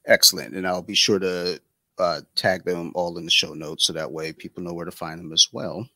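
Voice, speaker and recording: A man's voice: sits low, steady tone, normal speed, pushed and bright, dry recording, poor audio. A man hosting a casual podcast, talking loosely with many fillers and restarts. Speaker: podcast host.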